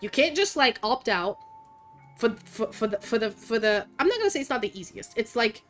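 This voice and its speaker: Young woman streamer, blunt and sweary, fairly high voice, faint music behind. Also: brisk. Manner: blunt, profane, animated, lots of fillers. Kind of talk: casual opinionated rant while gaming.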